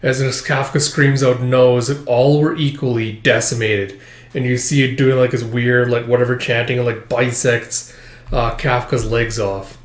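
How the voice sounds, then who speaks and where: A man's voice: medium pitch, level tone, normal speed. A man casually reading through a comic chapter, rambling and using lots of filler words. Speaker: manga chapter reviewer. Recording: echoey room.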